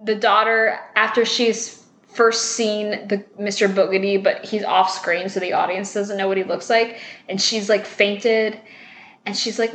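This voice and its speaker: Unhurried and mid-pitched, a young woman casually recounts a film one scene at a time, performing the characters' lines while swearing and laughing. The sound is roomy.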